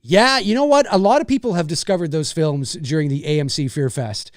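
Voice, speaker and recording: Canadian male live-show host, rambling, animated, slightly high voice, dry sound. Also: brisk, dry recording. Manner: rambling, animated, swears freely. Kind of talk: casual live-stream chat.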